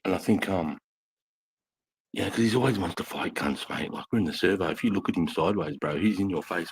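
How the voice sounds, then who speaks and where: A man's voice: deep voice, brisk, slight background noise. A middle-aged man with an Australian accent, an ex-army podcast host telling stories in a blunt, profane, matey way. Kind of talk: casual storytelling.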